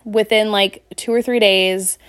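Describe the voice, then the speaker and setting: Young woman, podcast host, chatty storyteller who laughs a lot, mid pitch. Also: fairly even intonation, unhurried, clean tone, no room sound, studio quality. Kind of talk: casual solo podcast chat.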